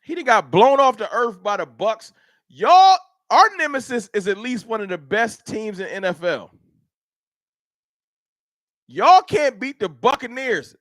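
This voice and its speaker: Man, high lively voice, trash-talking stream host, dry close mic. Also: moderate pace, no room sound. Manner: trash-talking, animated, reads chat aloud. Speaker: livestream host. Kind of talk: casual livestream sports banter.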